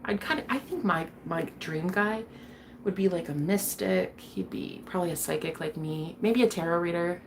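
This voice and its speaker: A woman's voice: on the low side, normal speed, background noise. A woman streaming to her viewers, chatting casually as she reads their comments. She is blunt, swears freely and laughs often. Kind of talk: casual livestream chat.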